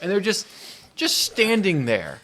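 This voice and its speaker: A married man co-hosting a casual podcast, telling a story in an easygoing, drawn-out way. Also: sits high, wildly swooping pitch, fairly bright tone. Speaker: podcast co-host. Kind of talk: casual banter.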